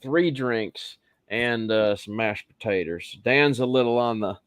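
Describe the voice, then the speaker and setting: A man's voice: mid-range voice, measured pace, dry recording. A man from Michigan hosting a live stream in casual, crude, joking chat.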